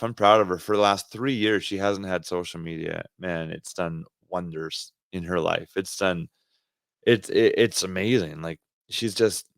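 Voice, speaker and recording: A Canadian man with a very deep voice talks through a podcast conversation in a casual, earnest way, often restarting his sentences. The sound is dry and close to the mic. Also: smooth, no room sound. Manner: rambling, earnest, frequent restarts and laughter. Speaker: podcast co-host. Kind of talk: casual faith podcast chat.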